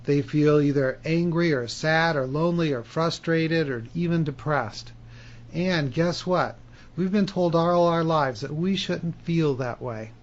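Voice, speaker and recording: Animated self-help author, slightly high voice. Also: male voice, unhurried, highs cut off. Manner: animated, emphatic storytelling. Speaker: author and hypnotherapy teacher. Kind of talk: self-help video monologue.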